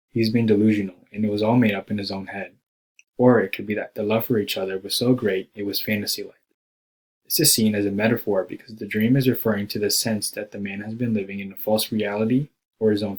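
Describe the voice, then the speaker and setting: A man reading a school presentation aloud from a script, slowing down when he quotes the poem. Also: fairly low pitch, fairly even intonation, breathy edge, poor audio. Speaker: student presenter.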